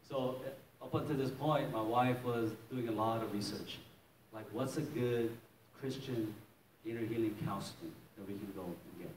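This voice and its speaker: A man's voice: medium pitch, a little hiss or hum. Man pastor, storytelling sermon, chuckling, echoey hall, distant mic, faint ambience. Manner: storytelling, chuckling often, acting out quotes. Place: church hall.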